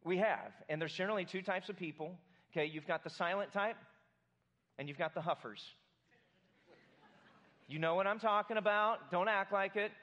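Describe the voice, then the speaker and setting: A man's voice: sits high, moderate pace, long pauses, sharp tone, lo-fi sound. A man preaching a sermon to his congregation, conversational and joking with the room. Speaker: pastor.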